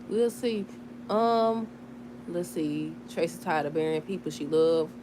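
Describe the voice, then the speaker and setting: A woman in casual chat recapping a soap opera episode, animated, laughing and talking back to the characters. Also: sits low, moderate pace, background noise. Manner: chatty, talks back to the characters.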